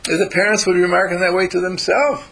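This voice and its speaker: A man giving a spiritual talk to a group, halting and repeating words as he teaches. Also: high-pitched, little pitch movement, vocal fry, a bit bright, a little hiss or hum, poor audio. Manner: halting, repeats words, acts out quoted voices.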